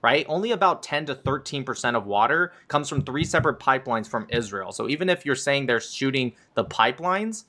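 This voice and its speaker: A man's voice: mid-range voice, lively intonation, a little fast, few pauses, pushed and bright. A man debating in a heated live argument, combative and sarcastic, often cutting in.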